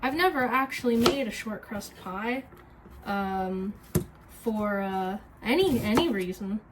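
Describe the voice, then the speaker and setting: A woman who streams and makes cooking vlogs chats casually while cooking, rambling, mocking herself and swearing freely. Her medium-pitched voice is animated and unhurried, over a noisy kitchen with chopping sounds.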